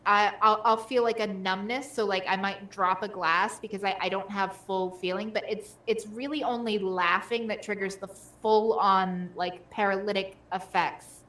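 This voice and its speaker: A woman's voice: mid-range voice, fairly even intonation, normal speed, hardly any pauses, a bit bright. Chatty woman in an echoey room. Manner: rambling, many fillers. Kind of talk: casual chat.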